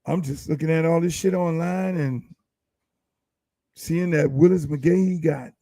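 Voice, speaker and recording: A man's voice: fairly high pitch, fairly even intonation, unhurried, mellow, no echo. A man hosting his own podcast, ranting in a casual, profane, heated way and firing off rhetorical questions. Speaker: podcast host.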